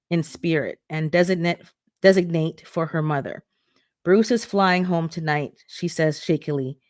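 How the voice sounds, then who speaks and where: A channel host reading a memoir aloud for an online book club, unhurried, with an occasional slip and self-correction. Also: medium pitch, clean tone, no room sound, studio quality.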